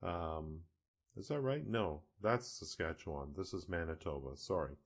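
Deep-voiced canadian guy doing a chill software walkthrough, talks it out and fixes his own slips. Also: expressive, moderate pace, husky. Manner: casual, self-correcting, explanatory. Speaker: e-learning tutorial instructor. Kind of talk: screen-recorded software tutorial.

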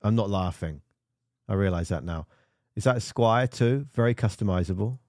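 A man's voice: fairly low pitch, normal speed, heavy background noise. Rambling self-mocking male music reviewer. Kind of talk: casual screen-share commentary.

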